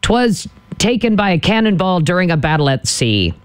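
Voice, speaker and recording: A man's voice: high-pitched, big pitch swings, moderate pace, smooth, no room sound. A man voicing a grizzled male pirate with a hook and a peg leg, in a rolling pirate brogue. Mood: boastful.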